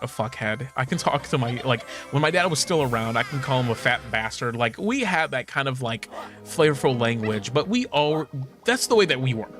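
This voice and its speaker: A young man chatting casually while he plays, candid and full of swearing and laughter, jumping into high mocking voices when he quotes people. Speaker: streamer. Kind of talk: casual chat while gaming. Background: game music.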